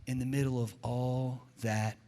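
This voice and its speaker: A man preaching a sermon as pastor, telling a story with lively acted-out quotes. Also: medium pitch, measured pace, big-room sound. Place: church sanctuary.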